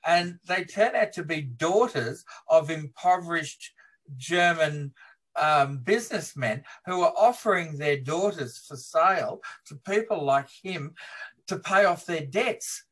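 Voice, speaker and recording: A man being interviewed as a film historian, retelling film scenes in a lively way and laughing as he talks. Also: fairly high pitch, unhurried. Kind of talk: animated interview storytelling.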